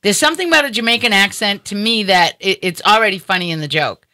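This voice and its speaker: A woman's voice: mid-range voice, quick pace, bright, forceful tone, no echo. A woman hosting a talk show, chatting casually with a guest in a rambling way with many fillers. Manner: chatty, rambling, lots of "you know". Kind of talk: casual interview chat.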